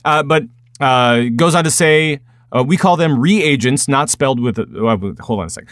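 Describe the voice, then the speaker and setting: Minnesota guy hosting a gaming podcast, laughs a lot, dry close mic, middle pitch. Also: dry recording. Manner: laughs often, reads listener emails aloud. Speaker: podcast host. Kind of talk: casual podcast chat.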